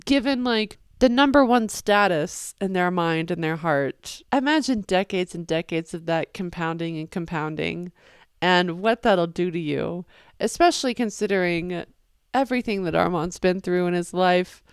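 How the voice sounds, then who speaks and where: A young woman hosts a reaction video, chatting casually and excitedly as she swings between loud outbursts and quiet asides. Her voice sits fairly low and moves at a normal speed. The tone is clean, with no echo and studio-quality sound.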